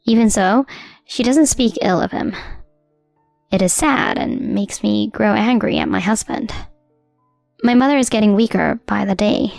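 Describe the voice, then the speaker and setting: A woman narrating a scripted first-person story in an even, measured way. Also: medium pitch, gravelly, no room sound, soft background music.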